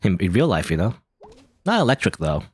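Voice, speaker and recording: Chatty let's-play man, low voice with lively swings, rambling game commentary. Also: a little fast, breathy edge.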